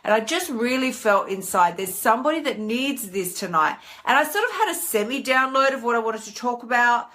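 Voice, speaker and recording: Woman, bright forceful tone, casual live-stream chat, animated. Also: fairly quick, few pauses. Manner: chatty and animated, with big pitch swings for acted inner voices. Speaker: host.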